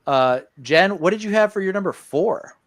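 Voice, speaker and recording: A man's voice: high voice, expressive, normal speed, no room sound. Rambling male podcast co-host, dry sound. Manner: rambling with many ums and uhs. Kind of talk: casual chat.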